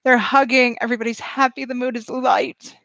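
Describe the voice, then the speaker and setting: A woman vlogger giving live reaction commentary, excitable and gushing, talking straight to her viewers. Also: a little high, fairly quick, vocal fry, no room sound, rough recording.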